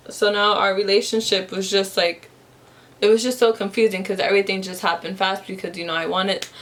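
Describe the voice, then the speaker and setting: Young woman with a gravelly voice, rambling casually. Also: mid-range voice, fairly bright tone. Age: young adult. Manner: rambling, many fillers and restarts. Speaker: vlogger. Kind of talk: storytime while doing makeup. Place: at home, in front of a camera.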